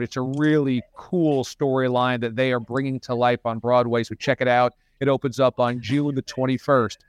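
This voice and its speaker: A man's voice: mid-range voice, clear, resonant tone. A man hosting a podcast, chatting enthusiastically and casually like a sports fan. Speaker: podcast host.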